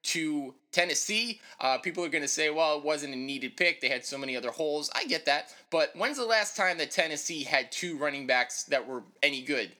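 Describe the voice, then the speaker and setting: A man co-hosting a sports podcast, giving brisk, opinionated, jokey takes in casual chat. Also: a little high, animated, pushed and bright. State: winded. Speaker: podcast co-host.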